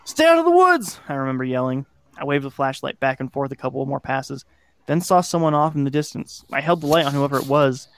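A man's voice: medium pitch, little pitch movement, brisk, dry recording. A man hosting a podcast, casually narrating a scary childhood story and swearing now and then. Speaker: podcast host.

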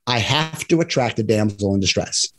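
Fairly low-pitched and expressive, this man talks at normal speed. He coaches people on divorce and love and, in a casual podcast conversation, earnestly explains things, mimics others to illustrate examples, and often adds "right?"

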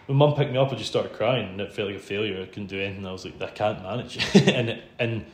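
Fast and fairly low-pitched, a Scottish-accented podcast host speaks as the guest, telling a long story with chatty, self-deprecating humor and frequent laughs in a casual interview. The recording has roomy room sound and a faint hum behind it.

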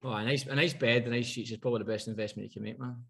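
A man's voice: mid-range voice, steady tone, rapid-fire, vocal fry, a bit bright. A Scottish man co-hosting a casual radio chat, trading joking, teasing banter. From Scotland.

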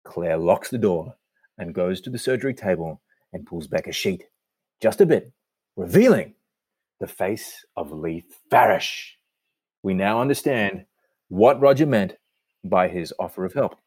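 Low-voiced man narrating with dry humor. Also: expressive, unhurried, long pauses, darkish tone, breathy edge, no echo. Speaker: host and narrator. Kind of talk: joking chat and scene narration.

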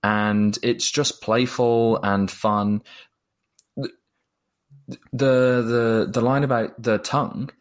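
A man's voice: mid-range voice, fairly even intonation, takes it slowly, pauses often. A man talking through a film in a casual chat, thoughtful and a little hesitant, often repeating words. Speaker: film reviewer.

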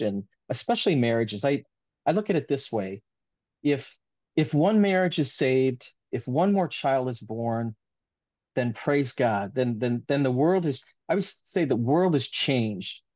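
A man's voice: medium pitch, a little mellow, no echo, dull audio. A man being interviewed as an author, talking in an earnest, rambling, heartfelt way in casual conversation.

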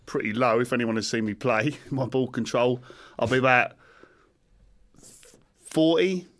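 A man's voice: medium pitch, unhurried, a bit bright. Easygoing man, former football manager. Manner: easygoing, self-deprecating, chuckles. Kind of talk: casual studio chat. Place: studio.

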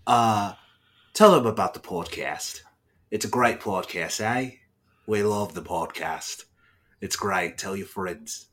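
A man putting on a brash Australian bloke with a put-on Australian accent, talking low and gruff in slang. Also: slow pace, a bit bright. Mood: cheeky.

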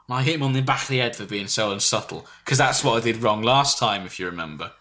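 A man tells a comic tale with plenty of animation, his bright voice swinging up and down as he goes. He keeps breaking into loud put-on voices for the people in his story. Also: fairly low pitch, a little fast, few pauses. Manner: animated, shouts and squeals when quoting others. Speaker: storyteller on a comedy podcast.

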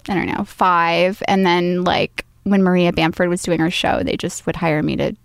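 Female guest, comic and voice actor, relaxed and chatty, dry mic. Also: on the low side, moderate pace, vocal fry, clear, resonant tone, no echo. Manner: easygoing, laughs often, trailing off with ums. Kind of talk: casual chat.

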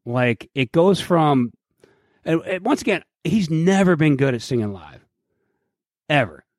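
A middle-aged man co-hosting a podcast, telling a profane story in a casual, animated way and acting out what people said. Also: on the high side, a little slow, no echo, clean studio sound. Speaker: podcast co-host.

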